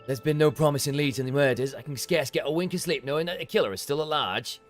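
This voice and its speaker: A man putting on a gruff Yorkshire villager. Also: fairly high pitch, fast talker, faint music behind, pitched above the performer's own voice, close to an everyday voice. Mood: earnest. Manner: broad, plain-spoken, folksy. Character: gruff northern villager in a fantasy game. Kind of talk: reading game dialogue in voice.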